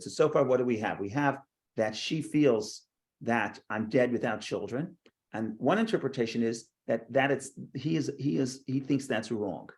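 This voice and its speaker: A man's voice: medium pitch, creaky. A man teaching a Torah class, lecturing with frequent restarts, repeated words and rhetorical questions.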